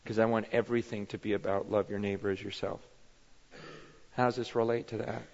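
A man's voice: on the low side, little pitch movement, a little fast, vocal fry, in a large hall, lo-fi sound. A man preaching a sermon with intensity, repeating himself and acting out quoted voices. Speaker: pastor.

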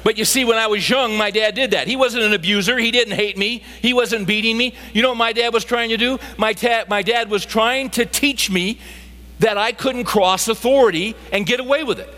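A man's voice: extremely high pitch, moderate pace, pushed and bright. A middle-aged man preaching a sermon, emphatic and full of rhetorical questions to his listeners. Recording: long hall reverb.

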